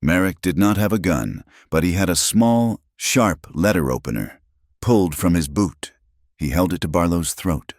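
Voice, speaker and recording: A man giving scripted, dramatic narration of a western story, measured and pausing phrase by phrase. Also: sits low, lively intonation, dry recording, studio quality.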